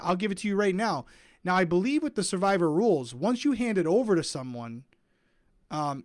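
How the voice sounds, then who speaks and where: A man's voice: high voice, no echo, studio quality. A man co-hosting a casual recap chat, thinking aloud and often hedging with "I think". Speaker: podcast co-host.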